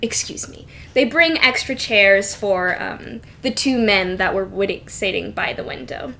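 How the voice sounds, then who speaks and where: A young woman narrating a tabletop game as game master in a relaxed, filler-heavy way. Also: mid-range voice, a little slow, vocal fry, a little hiss or hum.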